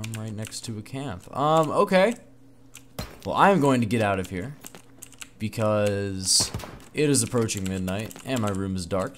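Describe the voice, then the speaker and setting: Man, gaming commentary, lively swooping voice, excitable, talks to himself, faint keyboard typing. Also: on the low side, a little hiss or hum. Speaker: gaming channel host. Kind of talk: let's play commentary. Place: dark room at home at night.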